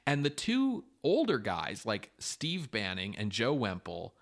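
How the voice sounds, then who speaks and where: A man co-hosting a podcast in casual chat, animated and swearing, often acting out what people say. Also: fairly low pitch, measured pace, creaky. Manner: animated, swearing, acts out quotes. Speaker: podcast co-host.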